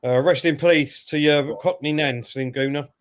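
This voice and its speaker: A man's voice: fairly high pitch, moderate pace. A man co-hosting a live football watchalong, reacting to the match and reading out viewers' messages. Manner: excitable over goals, reads viewers' messages. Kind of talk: casual live commentary and chat.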